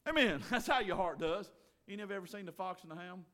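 A man preaching a sermon as pastor, folksy, moving from quiet asides to loud shouting. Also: high-pitched, lively intonation, fast talker.

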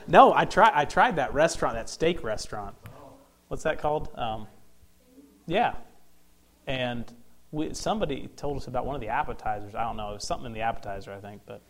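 A man's voice: medium pitch, lively intonation, a little fast. A man preaching a sermon in a folksy way, telling stories and chuckling often. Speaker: visiting preacher.

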